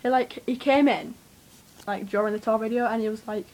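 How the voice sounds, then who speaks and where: Young girl ranting to her camera, kinda high voice, rambly and swears a lot, lots of ums. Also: fairly quick, rough recording. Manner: rambling, excitable, swears freely, many fillers. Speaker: vlogger. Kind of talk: casual storytelling to camera.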